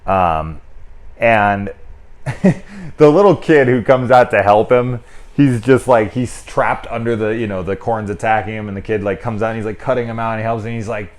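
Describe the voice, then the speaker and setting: A man with a deep, low voice talks through a movie in a loose, unscripted review. He rambles and restarts, peppers his talk with "like," and swears casually as he goes. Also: normal speed. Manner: rambling, loose and candid with frequent swearing and filler "like". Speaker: film reviewer. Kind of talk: casual spoken film review.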